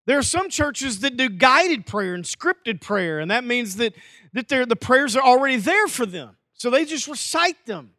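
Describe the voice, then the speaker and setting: High-voiced preacher in a dry room. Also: male voice, moderate pace, dry recording. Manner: lively preacher, folksy asides and acted quotes. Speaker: pastor. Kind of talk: sermon.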